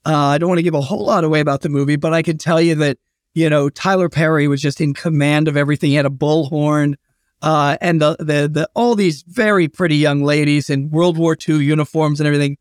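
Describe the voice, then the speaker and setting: A man's voice: on the high side, fairly even intonation, quick pace, dry recording, studio quality. Chatty male historian telling stories. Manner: anecdotal, chatty with fillers and restarts. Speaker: historian and guest. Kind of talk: casual storytelling interview.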